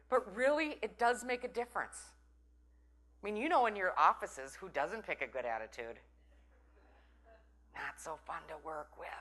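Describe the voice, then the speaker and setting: A middle-aged woman gives a motivational talk to a live audience. Her voice is bright and forward, sitting in an ordinary middle register. She is chatty and playful and keeps teasing her listeners. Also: medium pitch. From Minnesota. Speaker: conference breakout speaker.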